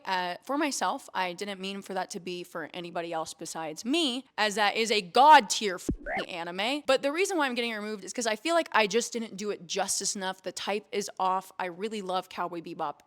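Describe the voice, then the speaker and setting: A woman's voice: medium pitch, fairly bright tone. A young woman streamer telling a candid, emotional story on her vlog, swearing casually and near tears. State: close to tears. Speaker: streamer and vlogger.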